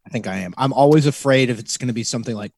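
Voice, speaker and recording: A man co-hosting a podcast, chatting casually and cutting in with quick wry remarks. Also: mid-range voice, creaky, darkish tone, dry recording. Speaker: podcast co-host. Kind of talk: casual chat.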